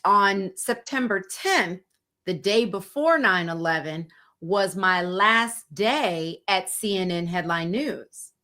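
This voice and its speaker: Bright measured woman podcaster. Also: mid-range voice, lively intonation. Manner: measured, reassuring, reflective. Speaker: podcast co-host, former news anchor. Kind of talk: casual chat.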